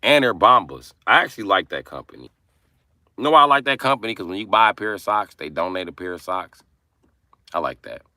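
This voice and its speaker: A man hosting a casual livestream, brash and profane as he roasts his chat, with sudden bursts of yelling. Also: lowish voice, animated, fairly quick, dry recording, studio quality. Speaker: livestream host.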